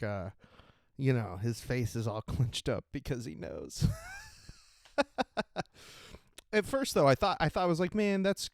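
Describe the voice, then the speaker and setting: A man's voice: medium pitch, clean tone, no room sound, studio quality. A man hosting his podcast in casual chat, rambling, swearing and laughing often. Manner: giggly, profane, rambling with frequent laughter. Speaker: podcast host.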